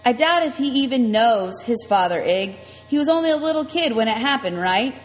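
A woman's voice: fairly high pitch, animated, brisk, long reverb tail, soft background music, lightly acted. A woman reading an audiobook, voicing a crude, mocking woman who taunts and giggles. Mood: taunting.

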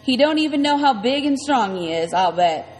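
A woman's voice: high voice, animated, moderate pace, darkish tone, long reverb tail, soft background music. A woman reading an audiobook, voicing a crude, mocking woman who taunts and giggles. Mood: taunting.

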